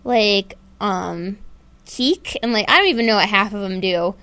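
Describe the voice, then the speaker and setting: A woman's voice: mid-range voice, lively intonation, measured pace, bright, forceful tone, smooth. A woman co-hosting a casual web talk show, chatting and giggling often, with lots of "like" fillers. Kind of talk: casual chat.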